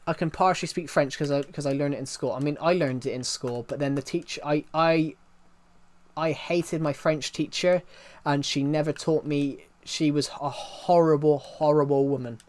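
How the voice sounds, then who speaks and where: A man's voice: fairly high pitch, fairly even intonation, moderate pace, a little mellow. Rambling young man streaming. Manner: rambling, self-mocking storytelling. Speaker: game streamer. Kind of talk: casual live-stream chat.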